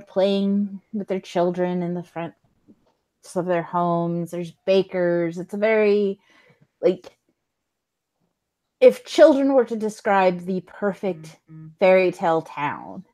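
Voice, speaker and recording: A woman's voice: mid-range voice, a little mellow, rough recording. A woman running a tabletop role-playing game, narrating the scene in a laid-back way with many fillers and laughs. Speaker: game master.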